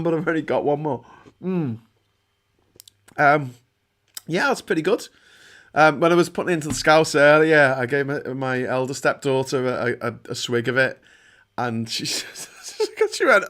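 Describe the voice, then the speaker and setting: A man's voice: on the high side, animated, normal speed, fairly bright tone. A middle-aged man hosting a live stream, chatting casually, joking and reading out viewer comments. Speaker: livestream host.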